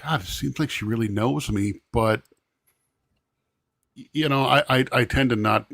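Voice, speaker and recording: A man co-hosting a talk show, speaking in a hesitant and halting way, unsure of himself. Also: medium pitch, creaky, fairly bright tone, no echo. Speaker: co-host. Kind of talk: casual chat.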